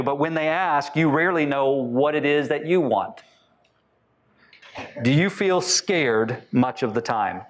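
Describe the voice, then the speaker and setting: A man giving a talk to a live audience, asking them many questions and acting out short quotes in lively voices. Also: a little high. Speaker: speaker teaching on attachment styles.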